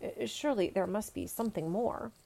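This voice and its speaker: Woman doing a fretful old storybook emperor, pleading and flustered, slightly gravelly. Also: mid-range voice, fairly quick, dark tone. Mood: emphatic. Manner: pleading then flustered outbursts. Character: anxious, excitable old male emperor.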